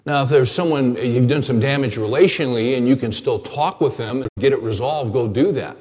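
A middle-aged man preaching a sermon as a pastor, telling stories earnestly and dropping to a hushed tone at times. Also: medium pitch, a little fast, few pauses, in a large hall. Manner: earnest storytelling, drops to a hushed tone.

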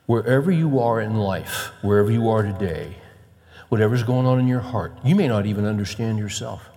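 A man's voice: fairly quick, warm tone, in a large hall. A male pastor preaching a conversational sermon, moving from casual asides to emphatic encouragement. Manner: conversational, rising to emphatic urging, with quoted scripture read low.

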